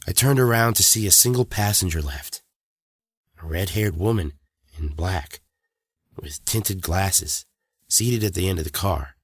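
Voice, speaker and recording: A man calmly narrating a first-person horror story in a steady voice. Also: low voice, measured pace, husky, no echo, clean studio sound.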